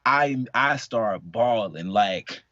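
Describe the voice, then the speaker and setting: A late-twenties man co-hosting a podcast shares a personal story, talking slowly in a lowish voice. He's candid, rambling, and a lively storyteller who uses plenty of fillers, with the audio dull and dry and lacking any room sound.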